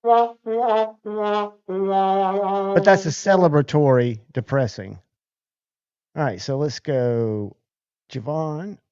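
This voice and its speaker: A man's voice: mid-range voice, animated, slow pace, pauses often, darkish tone, dry recording, lo-fi sound, faint music behind. A man hosting a casual livestream, chatting loosely and thanking viewers by name. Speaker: livestream host.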